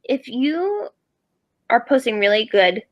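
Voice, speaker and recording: A woman's voice: a little high, very animated, slow pace, highs cut off. A woman guest in a casual panel chat, talking chattily and thinking aloud with lots of fillers.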